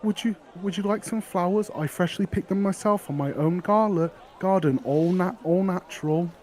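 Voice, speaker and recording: A man's voice: high-pitched, normal speed, darkish tone, pitched above the performer's own voice, close to an everyday voice. A man voicing a cheerful young woman selling flowers, eager and a little flustered, stammering over her words. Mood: eager sweet.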